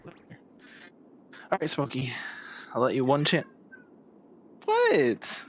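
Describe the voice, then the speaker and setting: A man's voice: medium pitch, takes it slowly, dull audio, slight background noise. A young man streaming a game, chatting casually with a playful, teasing tone. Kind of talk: casual live-stream chat. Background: game music.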